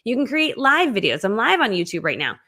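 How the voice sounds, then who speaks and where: Amped-up, chatty woman with a high voice. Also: fairly quick. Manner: energetic, amped-up, chatty, laughs often. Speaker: host of an online business training. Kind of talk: live-streamed training talk.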